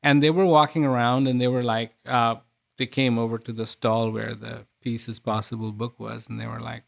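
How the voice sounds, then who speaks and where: A male author answering interview questions with gentle, reflective stories, often repeating and restarting words. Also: mid-range voice, expressive, moderate pace, vocal fry. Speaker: author and speaker.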